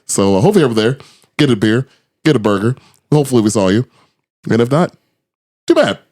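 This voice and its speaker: A man's voice: mid-range voice, fast talker, darkish tone. A man hosting a casual podcast, rambling loosely, swearing freely and laughing often. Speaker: podcast host.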